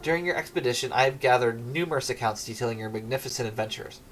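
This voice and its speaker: A man's voice: mid-range voice, fast talker, fairly bright tone, slight background noise, lightly acted, poor audio. A man reading an adoring young noble lady from a game, pleading and admiring.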